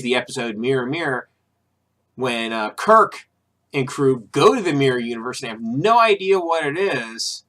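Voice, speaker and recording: A man's voice: medium pitch, pushed and bright. A man hosting his own video, talking casually and rambling through an opinion piece with restarts, fillers and irritated, sarcastic asides. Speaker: video host.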